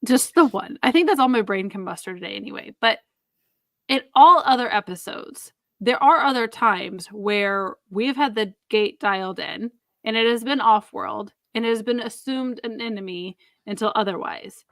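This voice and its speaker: A woman co-hosting a podcast in casual chat, rambling and animated, laughing easily and swearing. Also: mid-range voice, normal speed, vocal fry, dry recording, clean studio sound. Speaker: podcast co-host.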